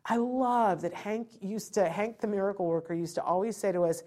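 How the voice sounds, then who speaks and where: A woman's voice: mid-range voice, brisk, darkish tone. A woman giving an informal teaching talk to parents. She acts out quotes and keeps asking rhetorical questions. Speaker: parent educator.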